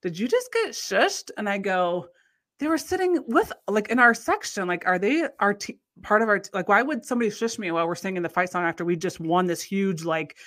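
A woman casually telling a long anecdote in conversation. She rambles with restarts and acts out the people in her story with big jumps in pitch. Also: animated, brisk, hardly any pauses, fairly bright tone. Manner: rambling, many restarts and fillers.

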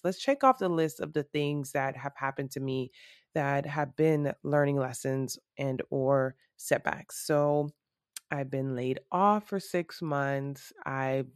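A woman with a low, slightly rough morning voice hosts a solo podcast, speaking candidly and reflectively with frequent ums and restarts. The sound is close and dry, with no room around it. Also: no echo. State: voice a bit rough from early morning. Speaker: podcast host. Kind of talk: casual solo podcast monologue.

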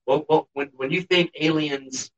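A man's voice: a little high, steady tone, measured pace. A man co-hosting a podcast, telling a story in a blunt, sarcastic way, swearing constantly. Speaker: podcast co-host. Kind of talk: casual podcast chat. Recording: dull lo-fi sound, distant from the mic.

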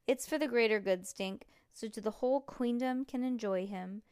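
A woman's voice: a little high, normal speed, a little mellow, smooth, dry recording, studio quality, close to an everyday voice. A woman reading aloud as a bossy young girl playing queen, haughty and commanding, in a storybook read-aloud.

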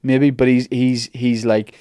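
A man's voice: medium pitch, little pitch movement, unhurried, dark tone, clean tone, no echo, clean studio sound. A man, hosting a podcast and retelling a myth in a rambling, jokey way full of asides. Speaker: podcast host telling a myth. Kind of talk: casual comic storytelling.

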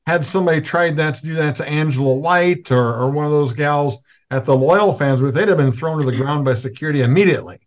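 A man hosting a video call show, asking questions in a halting way full of fillers. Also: on the high side. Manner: halting, fills gaps with uh and um. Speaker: host.

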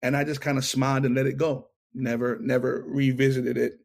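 A man's voice: mid-range voice, brisk, vocal fry. A middle-aged man in an interview, telling his testimony and acting out the lines of the people in it. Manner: animated storyteller, acts out dialogue. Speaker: interview guest.

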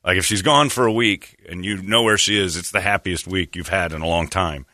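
Low, bright-voiced man telling stories. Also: brisk, no echo, studio quality. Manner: joking, laughs often, rambling asides. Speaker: podcast host. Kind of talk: casual comedic storytelling.

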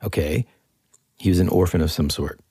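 A man's voice: low-pitched, normal speed, dark tone, slightly rough, dry recording, clean studio sound. A man co-hosting a podcast, chatting casually and animatedly about a true-crime story, rambling and joking. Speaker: podcast co-host.

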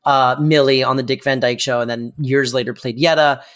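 A man co-hosting a casual recap podcast, explaining a sitcom episode in a loose, rambling way. He fills gaps with "um" and "like" and often restarts his sentences. His voice sits at an ordinary pitch for a man. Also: fairly even intonation, a little fast, fairly bright tone. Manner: chatty, explains with frequent fillers. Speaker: podcast co-host.

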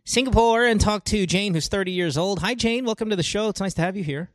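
Guy hosting a radio show, gets all excited and laughs a lot, dry close mic. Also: high-pitched, quick pace, no room sound. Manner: animated, laughing often, excitable. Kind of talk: casual chat.

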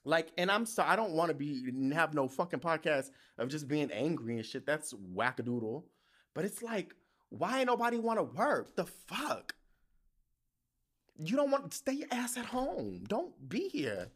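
Podcast host, young man; swings between high and low in a lively, profane rant about work. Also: a little slow. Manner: profane, heated venting with lively storytelling. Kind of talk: casual monologue rant.

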